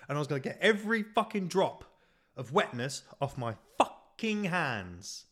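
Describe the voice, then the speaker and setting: A man's voice: fairly high pitch, very animated, normal speed, fairly bright tone. A man with a British accent, hosting a podcast and delivering a sweary, exasperated, self-mocking comedic rant. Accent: British English. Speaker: podcast host. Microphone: podcast microphone.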